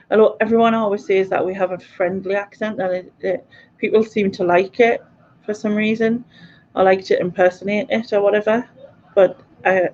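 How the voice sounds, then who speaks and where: A woman's voice: mid-range voice, darkish tone, highs cut off. A woman with a Mackem North East English accent, hosting a live quiz stream and chatting casually as she reads out viewer comments, laughing often. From North East England. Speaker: livestream quiz host.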